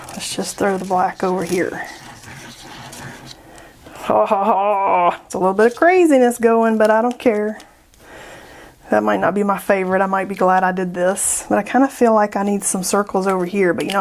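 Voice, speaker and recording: A woman's voice: mid-range voice, darkish tone, a little hiss or hum. A chatty woman talks through her painting session for her followers. She jokes and laughs often, with a bubbly, easygoing way of talking. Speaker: art YouTuber.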